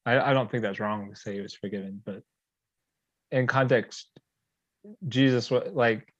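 A man in a casual conversation, relaxed and joking as he retells passages. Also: lowish voice, moderate pace, dry recording. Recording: dull, dry lo-fi sound.

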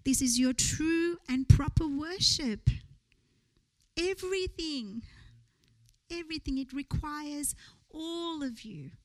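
A woman's voice: sits high, lively intonation, takes it slowly, low-quality recording. A woman preaching a sermon in church, earnest, building to rising rhetorical questions.

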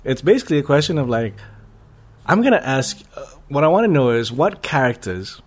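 A man's voice: mid-range voice, big pitch swings, fairly quick. A young man hosting a casual podcast chat, laughing often and swearing. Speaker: podcast host.

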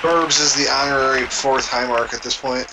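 A man's voice: mid-range voice, fairly even intonation, normal speed, over a noisy crowd, heavy background noise. A man co-hosting a wrestling podcast, ranting and joking with lots of swearing. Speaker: podcast co-host. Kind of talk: casual wrestling podcast chat.

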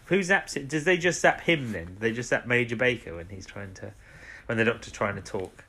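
A man's voice: mid-range voice, expressive, fairly quick, bright, forceful tone. Chatty male podcast co-host. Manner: rambling, chatty, leans on tag questions. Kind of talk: casual chat recapping a TV episode.

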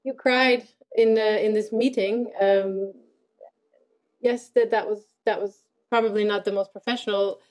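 A woman's voice: mid-range voice, fairly even intonation, unhurried, darkish tone. A woman in casual conversation, speaking in a thoughtful, earnest way. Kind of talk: casual chat.

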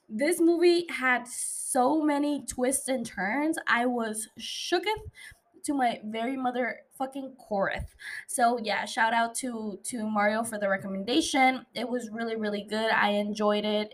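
A young woman hosts a solo podcast in a fairly high, fairly bright voice. Her casual chat is loose, playful and profane, full of fillers, with laughs between thoughts.

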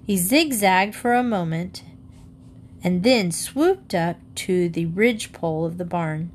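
A woman reading a children's book aloud, with lively storytelling. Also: measured pace, slight background noise. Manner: lively storytelling, raises pitch for the girl's lines. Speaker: reader.

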